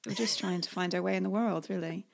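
A woman's voice: on the low side, quick pace, vocal fry. A young woman from Canada hosting a podcast, playful and dramatic as she tells stories and chats. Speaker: podcast host. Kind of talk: podcast chat with dramatic narrated intro.

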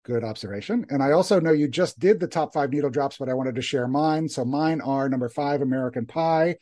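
A man co-hosting a podcast, reading listener emails aloud in a relaxed, easygoing way. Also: mid-range voice, fairly quick. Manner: easygoing, reads emails aloud with light laughs. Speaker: podcast co-host.

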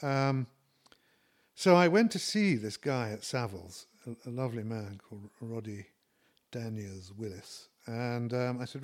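A middle-aged man tells a long story about his own venture in a loose, rambling way. He is self-deprecating and fills his pauses with ums and false starts. His voice sits at an ordinary, mid-range pitch. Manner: rambling, self-deprecating, many fillers and restarts. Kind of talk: casual spoken anecdote.

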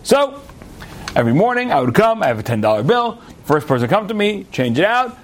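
A young American man tells a story in a Torah talk, chatty and full of asides and restarts. His voice sits a little high and jumps around a lot. A faint hiss of noise runs under the recording. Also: very animated, a little fast. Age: young adult. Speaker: rabbi.

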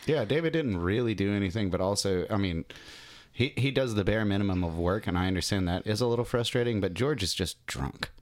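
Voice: low-pitched, brisk. A podcast co-host chatting casually about a movie, adding joking, sarcastic asides. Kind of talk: casual movie recap chat.

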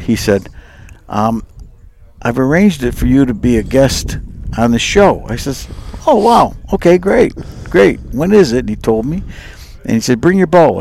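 As a podcast guest, a man tells an animated hunting story, acting out both sides of the dialogue and laughing often. His mid-range voice has vocal fry, with a little hiss or hum in the audio.

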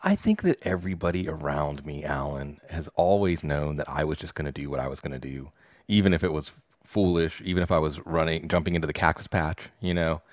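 A man's voice: rumbling low, lively intonation, fairly quick, dry recording, clean studio sound. A man in his forties from Pittsburgh, a fantasy football podcaster telling stories in a casual interview, enthusiastic and self-deprecating.

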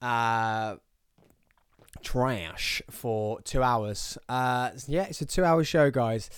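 A man's voice: mid-range voice, drawn-out words, clear, resonant tone, dry recording, studio quality. A man with an English accent hosting a podcast in casual chat, chatty, self-mocking and easily distracted. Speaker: podcast host. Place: small studio. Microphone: studio microphone.

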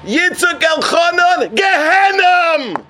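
A man booming as a heavenly judging voice. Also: huge pitch swings, a little hiss or hum, full character voice. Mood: accusing. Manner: accusing, drawn-out shouting. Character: thundering heavenly voice of judgment.

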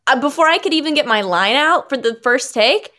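A young adult woman, an actress guest on a podcast, telling stories in a casual, animated way full of fillers. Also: sits high, brisk. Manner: animated, filler-heavy storytelling.

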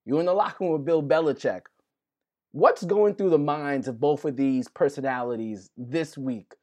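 A man hosting a sports podcast, setting up questions for his guests with halting restarts. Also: a little high, darkish tone. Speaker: podcast host. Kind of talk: interview questions.

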